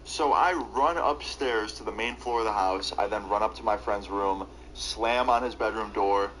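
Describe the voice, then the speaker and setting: A man's voice: fairly low pitch, moderate pace, fairly bright tone, a little hiss or hum, rough recording. A young man streaming live, telling a long story in a casual, rambling way full of "like". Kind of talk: storytelling while live gaming.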